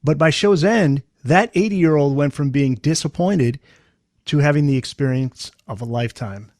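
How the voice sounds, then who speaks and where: A man hosting a podcast, asking measured, prepared interview questions. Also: a little high, darkish tone, dry recording, clean studio sound. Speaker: podcast host.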